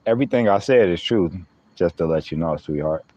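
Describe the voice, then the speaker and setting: A man's voice: deep voice, expressive, brisk, warm tone, lo-fi sound. A man using hosts a live stream, chatting playfully with viewers and laughing often. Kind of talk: joking live-stream chat.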